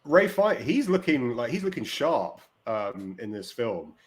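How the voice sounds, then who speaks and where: A man's voice: medium pitch, sing-song, unhurried, background noise. A man hosting a casual film chat, talking in a rambling way with many fillers and restarts.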